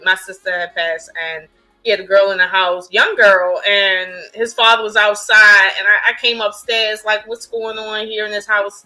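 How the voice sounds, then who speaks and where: Bright-voiced, frank middle-aged woman. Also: mid-range voice, low-quality recording. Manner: frank, stern storyteller with lots of fillers. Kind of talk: casual storytelling chat.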